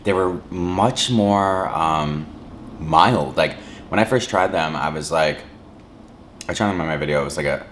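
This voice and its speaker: A man's voice: rumbling low, unhurried, a bit bright, slight background noise. A man casually chatting to his viewers while eating, rambling and saying "like" a lot, humming between bites. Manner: rambling, says "like" a lot, chews and hums between lines. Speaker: mukbang vlogger.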